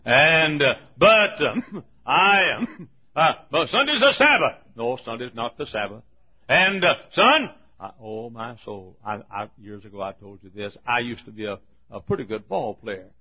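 Speaking at a normal pace in a mid-range voice, an older preacher gives a folksy storytelling sermon full of chuckles and restarts. The recording quality is dull and lo-fi.

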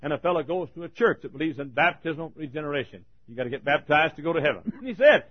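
A man preaching a fiery sermon as pastor, folksy and rising to thundering shouts. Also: a little high, expressive, fast. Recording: lo-fi recording.

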